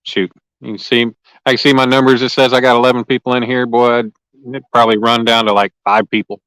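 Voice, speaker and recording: A man chats easily with his viewers during a fishing livestream by the lake, folksy and relaxed. His voice is smooth and clear, mid-pitched, and close and dry with no room around it. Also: fast, dry recording, poor audio. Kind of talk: casual livestream chat. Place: lakeside outdoors.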